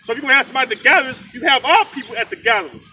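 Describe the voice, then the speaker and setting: A man with a very high voice preaches outdoors with fiery, profane heat. He leans on "man" and "all right" to drive his points home. The recording is distant, with clear traffic and bird noise in the rain. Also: lively intonation, very fast, bright, forceful tone. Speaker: street preacher.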